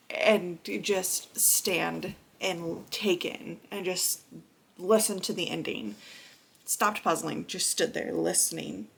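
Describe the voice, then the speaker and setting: A woman's voice: on the low side, creaky, fairly bright tone, breathy edge. A woman in her thirties talking casually in a reading vlog, chatty and gushing, with laughs and sighs. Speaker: book vlogger.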